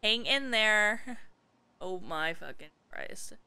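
A woman's voice: mid-range voice, expressive, takes it slowly, bright, forceful tone, a little hiss or hum. A young woman giving sarcastic let's-play commentary, swearing and reading messages aloud in jokey voices. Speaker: streamer playing a game.

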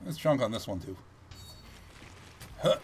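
A man giving casual gameplay commentary, chatty and thinking aloud as he plays, with animated reactions. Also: lowish voice, measured pace, slight background noise.

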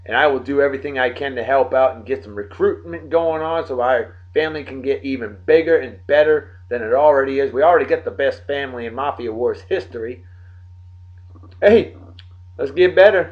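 A man hosting a daily beer and song show from home, rambling and joking as he gives birthday shout-outs to friends. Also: medium pitch, fairly quick, muffled recording. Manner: rambling, jokey, talks straight to friends. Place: home in Texas.

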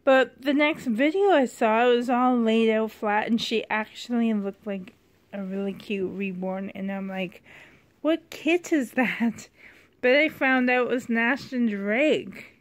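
A woman's voice: a little high, unhurried. A woman vlogging casually about her doll collection, rambling, gushing and apologizing as she goes. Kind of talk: casual show-and-tell vlog.

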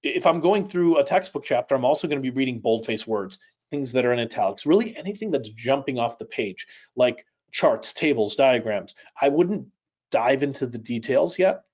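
A man leads a live speed reading lesson, speeding up and slowing down as he explains. His voice sits at a middle pitch, and the audio is slightly dull. He often checks in with listeners by asking "right?". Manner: lively, varies pace and loudness, frequent "right?". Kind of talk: live online teaching session.

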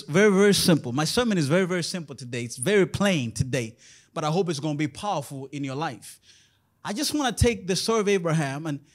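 In church, a male pastor delivers a sermon that alternates between shouting loudly and dropping into quiet, low stretches.

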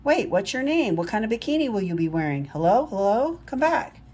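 A woman's voice: fairly high pitch, big pitch swings, a little fast, darkish tone, slight background noise, pitched above the performer's own voice. A woman voicing a brash, smug teenage boy in a comic read-aloud, cocky and taunting. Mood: eager.

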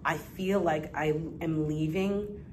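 A young adult woman, a guest entrepreneur in a casual interview, talking in an animated, effusive way with bursts of laughter. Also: low voice, slow, noisy background.

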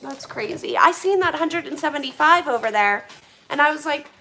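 A young woman with a Western Pennsylvania accent, chatting on a home livestream as she opens gifts from viewers, effusive and quick to laugh. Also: high voice, animated, sharp tone. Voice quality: effusive, gushing, laughs often. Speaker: vlogger opening viewer donations on a livestream. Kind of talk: casual livestream chat. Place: indoors at home, kitchen area. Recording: echoey room, clear background noise.

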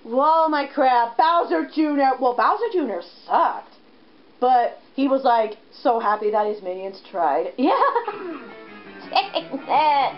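A young woman giving excitable let's play commentary, with frequent exclamations. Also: sits high, takes it slowly, dull audio, soft background music. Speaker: gamer.

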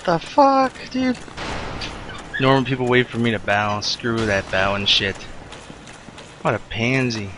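A man's voice: fairly low pitch, steady tone, normal speed, noisy background. A man streaming a video game, swearing and talking trash at an opponent. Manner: loud whooping and swearing, then trash talk. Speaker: gaming streamer. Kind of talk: live gameplay commentary.

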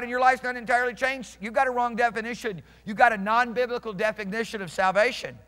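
A man's voice: very high voice, brisk, hardly any pauses, bright, forceful tone. A male pastor preaching a sermon emphatically, restarting phrases and questioning his congregation. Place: church sanctuary. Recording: reverberant church hall.

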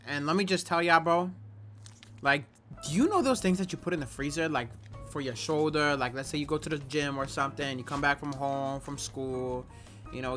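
With a fairly high, slightly bright voice, a young man tastes and reviews food for his home vlog. He's casual and slangy, reacting in a hugely exaggerated way, and the clip comes from a camera or phone at home.

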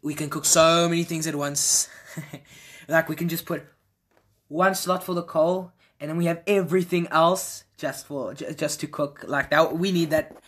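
A man giving casual, excitable reaction commentary as a video creator, repeating his exclamations and laughing often. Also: fairly high pitch, moderate pace. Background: faint background music.

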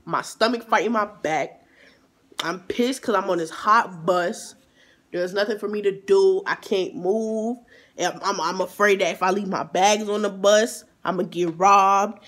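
A man vlogger telling a storytime in an animated, emphatic way, with exasperated asides. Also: sits high, unhurried. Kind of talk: storytime vlog.

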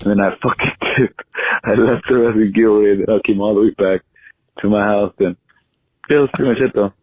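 A man's voice: lowish voice, a little fast, no echo. A young man leaving a crude, boastful voicemail story full of profanity. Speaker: caller. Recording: tinny phone voicemail.

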